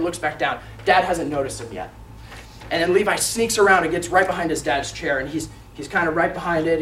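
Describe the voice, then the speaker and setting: A young man tells a sermon story, dropping to whispers and then shouting as he acts out a boy's lines. His voice sits fairly high. He is heard from some distance in a reverberant room with a faint hiss underneath. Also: fast talker. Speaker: student preacher. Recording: echoey room, mic at a distance.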